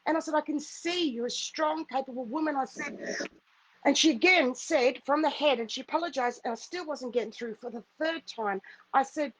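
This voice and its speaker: A woman's voice: high-pitched, normal speed, slight background noise, poor audio. A middle-aged woman, a spiritual healer, telling a personal story in an earnest, repetitive, emphatic way. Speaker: spiritual healer hosting a live stream.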